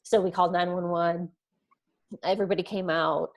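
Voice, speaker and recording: Woman, 30s, interview guest, earnest personal storyteller, slightly low-pitched. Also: little pitch movement, normal speed. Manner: earnest, retells events with quoted dialogue. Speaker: podcast guest.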